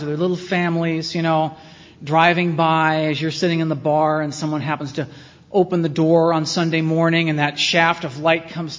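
A man speaking at a recovery meeting, telling his own story in a rambling, sardonic way with self-mocking asides. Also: high voice. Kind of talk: personal testimony talk. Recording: dull lo-fi sound with long hall reverb and faint hiss.

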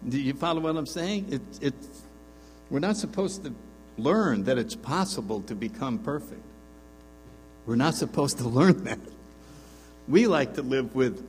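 A man gives a storytelling talk to a group in a meeting room, acting out the voices in his anecdotes. His mid-pitched voice carries a long reverb, and a faint mains hum runs underneath. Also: moderate pace, long pauses. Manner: animated, acts out dialogue in the stories. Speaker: speaker at a recovery retreat.

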